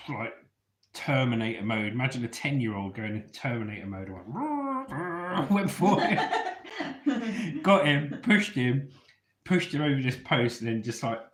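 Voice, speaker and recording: A man from England, telling stories from his youth to an online audience in a chatty way, often checking in with his listeners. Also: mid-range voice. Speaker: storyteller vlogger. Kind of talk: casual storytelling to an online audience. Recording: roomy echo.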